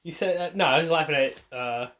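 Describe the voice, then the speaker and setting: A man's voice: on the high side, brisk, fairly bright tone. A man chatting casually off to the side, easygoing and a bit unsure, often chuckling. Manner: laid-back, chuckling, unsure. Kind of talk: casual chat.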